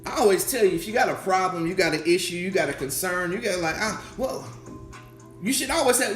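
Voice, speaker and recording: A man delivers a sermon in a roomy church, his pitch rising and falling a lot. He repeats his questions and slips into the voices of his congregation. Soft music plays under him. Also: a little fast. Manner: animated preaching with quoted voices and repetition. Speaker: pastor. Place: church sanctuary. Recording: echoey church room with music.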